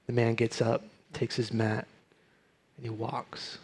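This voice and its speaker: A man's voice: mid-range voice, little pitch movement, slow pace, darkish tone, slightly rough. Man preaching a conversational sermon. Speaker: pastor.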